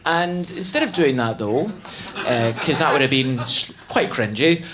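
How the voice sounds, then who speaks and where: A male comedian doing a stand-up routine, telling a story in an animated way that slides into silly voices. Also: mid-range voice, moderate pace, crowd noise.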